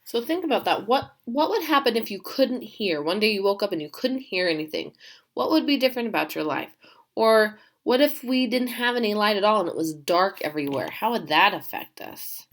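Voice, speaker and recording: A woman teacher giving a remote class, reading a story aloud and asking her pupils questions in an animated way. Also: medium pitch, a little fast.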